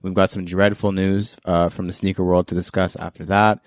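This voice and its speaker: A man's voice: low voice, little pitch movement, normal speed, no room sound, clean studio sound. Laid-back joking male podcast host. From Canada. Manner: laid-back, jokey, laughs often. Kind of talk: casual chat.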